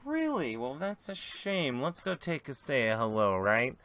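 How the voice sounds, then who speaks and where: A man voicing a scheming male smuggler captain who drawls slowly and slyly. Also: medium pitch, animated, bright, forceful tone, smooth.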